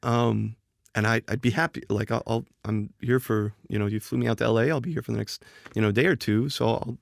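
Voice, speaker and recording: In studio-quality audio free of room sound, a game designer chats casually as a podcast guest, animatedly telling a story, performing quoted lines and often restarting or repeating himself. His voice is medium-pitched and gravelly, a little fast, with fairly even intonation.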